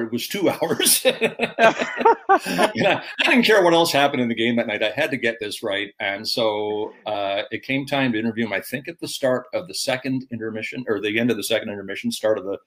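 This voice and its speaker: A man's voice: medium pitch, expressive, normal speed, a bit bright, rough recording. An older man, a veteran sportscaster, telling a long anecdote in a rambling, self-deprecating way. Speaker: guest, veteran hockey broadcaster. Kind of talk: casual storytelling.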